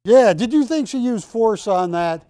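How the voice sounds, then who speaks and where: A high-pitched older man hosts a live TV sales show. His voice is clear and smooth, and he takes his time. He is close-miked in a dry studio. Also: a little slow, no room sound. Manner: energetic, joking, urging callers. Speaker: shopping channel host.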